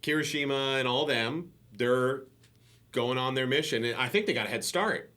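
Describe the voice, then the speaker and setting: A podcast co-host and voice director chats casually, telling stories with animation, acting out what people said and laughing often. His voice is mid-range and his pace moderate.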